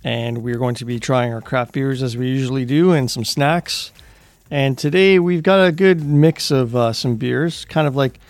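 A man hosting a casual beer-tasting podcast, losing his voice and talking in a relaxed, hesitant way with lots of fillers. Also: medium pitch, normal speed, no echo. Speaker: podcast host.

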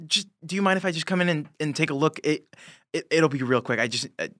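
Nervous female hotel worker, stammering and high-pitched, voiced by a man, dry close sound. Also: quick pace, a bit bright, no echo, lightly acted. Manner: hesitant, stammering.

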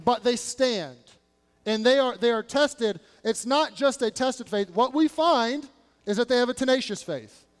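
A man's voice: very high voice, expressive, unhurried, clear, resonant tone. A male pastor preaching a sermon, animatedly acting out biblical characters in casual modern speech. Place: church sanctuary. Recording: long hall reverb.

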